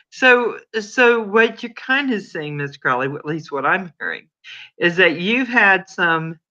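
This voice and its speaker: A man's voice: on the high side, pushed and bright, highs cut off. A man hosting a casual livestream chat, reading the chat and reacting with gushing exclamations. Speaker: livestream host.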